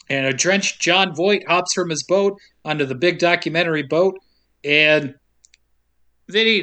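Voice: mid-range voice, pushed and bright. A podcast co-host recapping a movie in casual chat, wry and sarcastic, laughing often.

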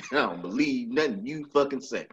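A man's voice: medium pitch, animated, unhurried, a bit bright, highs cut off. A man co-hosting a casual podcast, blunt and profane, mocking and laughing as he talks. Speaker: podcast co-host. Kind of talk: casual chat.

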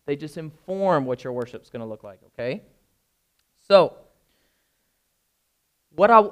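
A young adult man, a pastor, giving an informal sermon and often checking that his listeners are following. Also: fairly high pitch. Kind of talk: conversational sermon.

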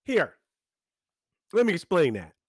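Animated, profane ranting man. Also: high voice, measured pace, husky, no room sound, studio quality. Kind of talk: profane monologue.

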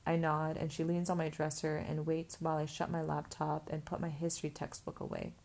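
A woman with a low voice reads a first-person novel aloud. Her audiobook narration is steady and even. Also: a little fast, vocal fry.

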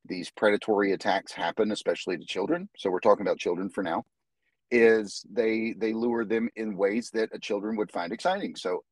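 A man with a fairly low voice, guest on a casual podcast, explaining martial arts to the host. He tells stories animatedly, restarting phrases as he goes, and the sound is dry with no room echo. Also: brisk. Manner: animated storyteller, many restarts. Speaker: jiu-jitsu instructor, guest.

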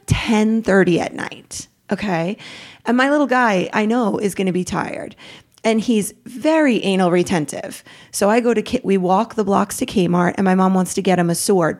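Woman, 30s, podcast guest, emotional storytelling, animated, mid-pitched voice. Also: vocal fry. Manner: animated, acts out quotes with pitch jumps.

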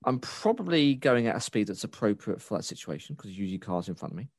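Man, low-pitched, sweary, rambling rant, dry close sound. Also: fast, no echo. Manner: swearing, ranting, animated; rambling with restarts and fillers. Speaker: podcast co-host. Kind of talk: casual chat.

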